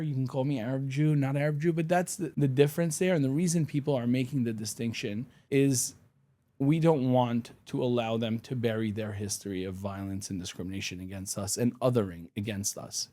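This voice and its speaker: Male podcast guest from Syria, Arabic first language, mellow warm tone, emphatic and argumentative. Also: medium pitch. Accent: none, worked to lose his Syrian accent, sounds like a New Yorker. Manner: emphatic, argumentative, pushes back firmly. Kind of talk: casual interview talk.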